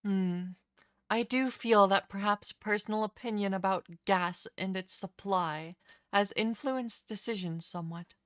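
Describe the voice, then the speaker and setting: A woman's voice: medium pitch, unhurried, a bit bright, dry recording. A woman streaming a video game, chatting casually and self-deprecatingly as she reacts to the dialogue. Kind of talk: casual live-stream commentary while reading game dialogue.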